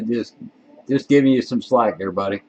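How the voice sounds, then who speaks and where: A man's voice: mid-range voice, normal speed, warm tone, highs cut off, a little hiss or hum. A man with a Southern accent hosting a storm-chasing live stream, chatting easily with plenty of fillers. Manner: chatty, easygoing, thinking aloud with fillers.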